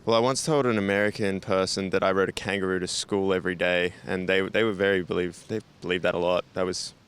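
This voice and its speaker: A man's voice: low-pitched, steady tone, fast, a bit bright, smooth. An Australian man telling a joking story in a laid-back way. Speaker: interviewee. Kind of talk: casual anecdote.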